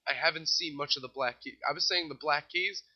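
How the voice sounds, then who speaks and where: A man's voice: on the high side, a little fast. A young man with a New York accent hosting a casual music news show, reading off festival lineups with wry, offhand asides. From New York City. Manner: wry, offhand asides while rattling off lists. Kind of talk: casual solo commentary. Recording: slightly dull lo-fi recording.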